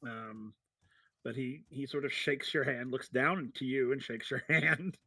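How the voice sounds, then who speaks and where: A man's voice: mid-range voice, a little slow, sharp tone, slightly rough, dry recording. A man narrating a tabletop game as game master, chatty, laughing often and full of fillers.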